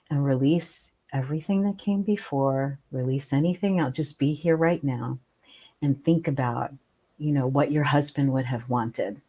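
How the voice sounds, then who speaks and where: A woman hosting a casual conversation, speaking gently and reflectively and guiding listeners through calm breathing. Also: a bass voice, slightly rough. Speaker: host, spiritual teacher. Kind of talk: casual conversation on a video call.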